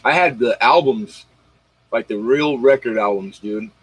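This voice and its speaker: A man's voice: medium pitch, measured pace, husky, dry recording, rough recording. A man hosting a casual late-night livestream, rambling in slang and talking straight to his viewers. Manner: rambling, slangy, talks straight to viewers, retells comedy bits. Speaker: livestream host.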